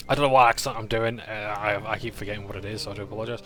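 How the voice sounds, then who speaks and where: A man recaps a tabletop roleplaying session in a relaxed, casual way, often stopping on an "uh" or correcting himself. His voice sits low but has a bright, forceful edge, with faint music behind him. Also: very fast. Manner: casual, with frequent "uh" and self-corrections. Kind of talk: recap narration of a tabletop game.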